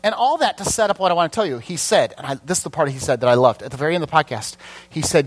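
A man's voice: on the high side, lively intonation, racing. A middle-aged man preaching a conversational sermon, chatty and casual, often asking the congregation questions. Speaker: pastor.

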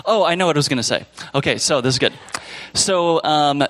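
A man's voice: a little high, lively intonation, fairly quick, fairly bright tone. Casual man rambling through church announcements. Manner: casual, rambling, loses his train of thought. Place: church sanctuary.

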